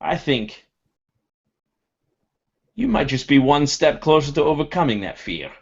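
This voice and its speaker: A man's voice: a little high, sing-song, unhurried, breathy edge, pitched above the performer's own voice, full character voice. A man voicing a brash, hollering male adventurer, raising his voice well above his own, on a dull lo-fi recording. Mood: teasing.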